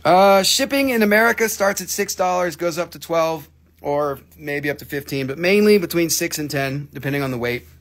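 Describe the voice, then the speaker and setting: A man with a gravelly, slightly high voice pitches stones live into his phone. He jokes and swears freely, and his grammar is loose and broken. The feel is a casual sales stream. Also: moderate pace, a bit bright. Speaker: host selling crystals on a live stream.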